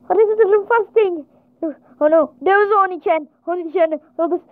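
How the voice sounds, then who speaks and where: Very high, excitable woman gaming. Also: moderate pace, no room sound. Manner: excitable, frequent panicked exclamations. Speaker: gamer. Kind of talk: panicked gameplay commentary. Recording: tinny phone-like sound, dry.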